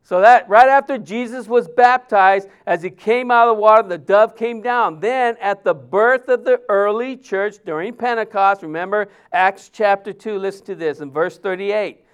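A male pastor preaches a sermon conversationally, full of fillers and restarts, softly lowering his voice when quoting others. His voice is high and clean, at a moderate pace with few pauses.

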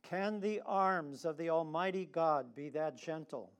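A man preaching a sermon slowly and deliberately, with long dramatic pauses, and leading the congregation to repeat lines after him. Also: a little high, clear, resonant tone. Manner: leads the congregation in responsive reading.

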